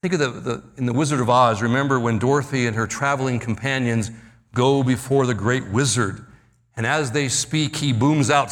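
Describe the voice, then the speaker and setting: A man preaching a sermon, dramatically acting out Bible quotes and slowing down to stress key words. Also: medium pitch, long reverb tail. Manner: dramatic, acts out Bible quotes, slows for emphasis. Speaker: pastor.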